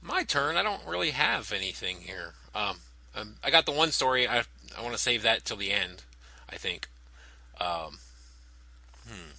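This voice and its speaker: A man's voice: on the low side, big pitch swings, normal speed, gravelly, bright, forceful tone, low-quality recording. A man co-hosting a podcast, wry and hesitant with lots of ums. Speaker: podcast co-host. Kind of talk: casual chat.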